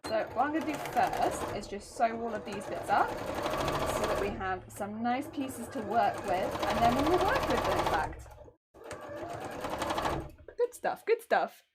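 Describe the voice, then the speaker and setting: A young woman chatting casually on a crafting live stream, telling stories in an animated way and answering chat. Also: fairly high pitch, unhurried, heavy background noise. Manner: chatty, animated storytelling, reads chat aloud.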